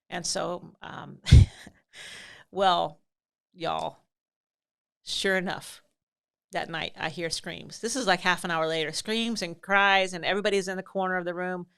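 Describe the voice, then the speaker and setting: A woman's voice: fairly low pitch, steady tone, moderate pace, a bit bright, smooth. A middle-aged woman, a podcast host and mother of many, telling a story in a chatty, self-deprecating way and often restarting her sentences. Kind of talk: casual anecdotal storytelling.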